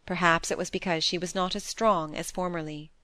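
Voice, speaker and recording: Brief: steady female audiobook narrator, lowish voice, close and dry. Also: fairly quick, no room sound. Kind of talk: scripted narration of a classic novel.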